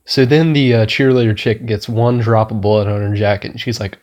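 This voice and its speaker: A man's voice: on the low side, fairly even intonation, moderate pace, few pauses, a little mellow. Rambling, profane male movie reviewer. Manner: rambling, profane, enthusiastic, laughs at his own retelling. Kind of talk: casual spoken movie review.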